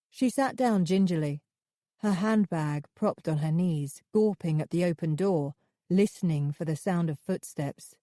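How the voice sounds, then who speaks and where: Woman, audiobook narration, measured, steady, mellow tone, dry close recording. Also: fairly low pitch, no room sound.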